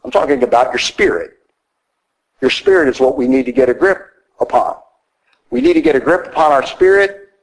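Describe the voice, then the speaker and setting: A priest preaching a conversational, emphatic sermon in a church. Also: male voice, a little high, animated, fairly quick, long pauses, low-quality recording.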